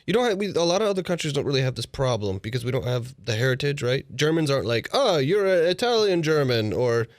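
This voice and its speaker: A young man with an animated, swinging voice cracks sarcastic jokes on a radio panel. The sound is dry and close. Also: mid-range voice, quick pace, hardly any pauses, no room sound. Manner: joking, sarcastic. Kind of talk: casual radio panel chat.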